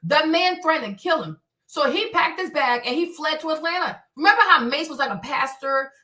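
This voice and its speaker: A woman hosting her own stream, talking in an animated, blunt way with plenty of profanity and repetition. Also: high-pitched, brisk. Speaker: show host. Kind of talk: livestream commentary rant. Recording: echoey room, distant from mic.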